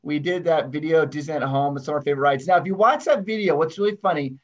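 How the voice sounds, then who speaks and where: Guy on a podcast, kinda high voice, animated storyteller. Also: quick pace, dull audio. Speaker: podcast guest. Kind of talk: casual chat.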